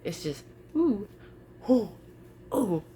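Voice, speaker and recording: A woman vlogging casually to her viewers, expressive, often repeating her phrases and laughing. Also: medium pitch, drawn-out words, slight background noise. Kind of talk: casual talk to camera.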